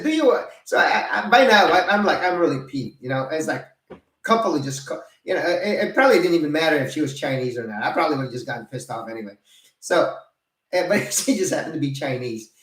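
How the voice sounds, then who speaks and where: Man in his fifties telling stories in a roomy space. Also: a little high. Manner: animated, laughing, cursing, acting out both sides of arguments. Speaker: retired vlogger. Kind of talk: casual storytelling. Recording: roomy, mic set at a distance.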